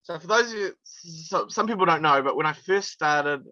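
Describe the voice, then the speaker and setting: A man's voice: fairly high pitch, expressive, moderate pace, bright, forceful tone, no room sound, lo-fi sound. A male wrestler from New telling stories in a casual interview, chatty and laughing through his anecdotes with plenty of fillers. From New Zealand.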